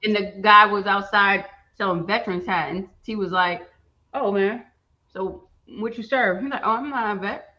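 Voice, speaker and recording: A woman's voice: mid-range voice, normal speed, sharp tone, highs cut off. A woman co-hosting a live show in casual chat, reacting bluntly and teasing her co-host.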